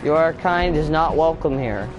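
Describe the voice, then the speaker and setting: A man's voice: a little high, a little slow, lo-fi sound. A man streaming a shooter game, giving casual commentary and playfully taunting enemies with mock-tough talk. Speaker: gamer streaming his play. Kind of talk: casual live gameplay commentary. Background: game music.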